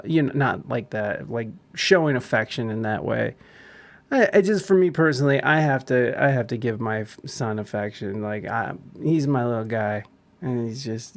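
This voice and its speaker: A male podcast host chats slowly and loosely, swearing freely and laughing often. He reacts off the cuff to a clip he is watching. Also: mid-range voice. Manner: laid-back, profane, laughing often.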